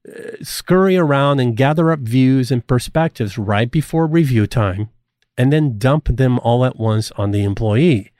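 Man, middle-aged, course instructor, warm mellow voice, earnest and deliberate, dry close recording. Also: medium pitch, no room sound. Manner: earnest, deliberate delivery with emphatic rises. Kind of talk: scripted course lecture.

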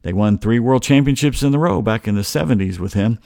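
A man's voice: lowish voice, brisk, dark tone, no echo, studio quality. A middle-aged man from Georgia hosting a casual on-this-day sports history rundown, rambling and digressing as he loses his train of thought. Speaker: sports talk host.

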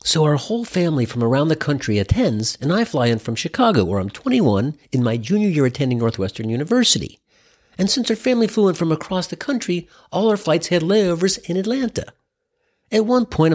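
A man's voice: on the high side, a little mellow. A man in his sixties from the US Midwest, telling a wry, irreverent comedic story in a conversational way. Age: 60s.

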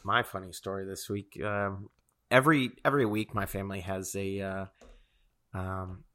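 A man's voice: low-pitched, fairly even intonation, normal speed, bright, forceful tone. A man co-hosting a casual chat show, telling a rambling story full of fillers and frequent chuckles.

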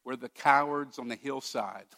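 Bright-voiced emphatic preacher man. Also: mid-range voice, normal speed, vocal fry. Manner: emphatic, swinging between loud declarations and hushed asides. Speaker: pastor. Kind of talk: sermon.

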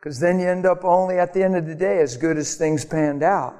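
Animated preacher in an echoing hall. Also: male voice, sits high, fairly quick. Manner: animated, laughing often, acts out quoted voices. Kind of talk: sermon with storytelling.

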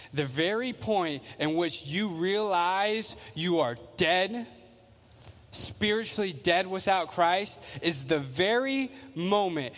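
High-voiced male preacher in a hall. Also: fairly bright tone. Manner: earnest, repetitive, emphatic with restarts. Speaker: pastor. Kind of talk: sermon. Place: church sanctuary.

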